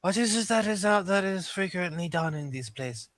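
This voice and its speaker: A looming, naive giant of a man, played by a tabletop gamer who speaks in stiff, formal sentences. His voice stays quiet and measured. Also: high voice, animated, no room sound, pitched above the performer's own voice. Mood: calm. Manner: formal, stilted, literal-minded. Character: large looming naive formal male stranger.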